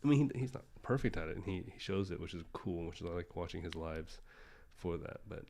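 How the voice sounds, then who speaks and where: A man's voice: low voice, animated, brisk, mellow. A man livestreaming while he sketches, rambling casually with lots of fillers and self-deprecating asides.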